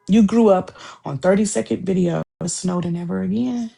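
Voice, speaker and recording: A woman's voice: medium pitch, normal speed, gravelly, dark tone, slightly rough. A woman co-hosting a podcast, talking in a heated, profane, repetitive way in casual chat. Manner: heated, profane, repeats herself.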